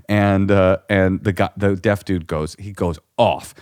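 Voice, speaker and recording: A man's voice: low voice, measured pace, hardly any pauses, dry recording, clean studio sound. A man telling a comic story in casual chat, acting out the people in it. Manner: animated storyteller, acts out shouting characters. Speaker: comedian guest.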